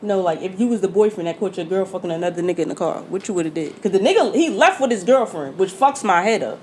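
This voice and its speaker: A woman from Jersey City hosting a podcast in casual chat, telling stories in a profane, animated way. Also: on the low side, quick pace, slight background noise. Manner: storytelling, profane, animated retelling. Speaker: podcast host.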